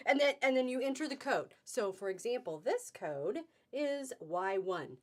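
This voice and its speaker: A chatty, upbeat woman with a slightly high voice hosts a live online sale. She talks casually to her viewers and greets them by name as she goes. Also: lively intonation, normal speed. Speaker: host of a live fabric sale. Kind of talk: casual live-stream chat.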